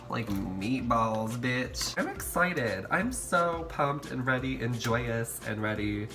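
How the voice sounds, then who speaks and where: A man's voice: mid-range voice, lively intonation, slow, music in the background. A man vlogging while he cooks in his home kitchen, campy and playful, talking to viewers as sis and honey. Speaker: YouTuber cooking at home. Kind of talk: casual cooking vlog.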